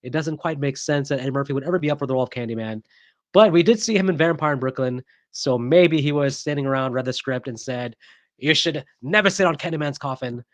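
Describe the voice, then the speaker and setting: A man of middle pitch hosts a casual horror movie vlog, voicing his picks with strong opinions. He talks in a chatty, rambling way, full of ums and restarts. The sound is dry and close, with little room echo. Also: fast talker.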